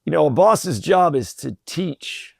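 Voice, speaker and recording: A middle-aged man telling a personal story in an interview, relaxed and full of fillers and restarts. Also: a little high, measured pace, gravelly, breathy edge, dry recording, clean studio sound. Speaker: podcast guest, company president. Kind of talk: conversational storytelling.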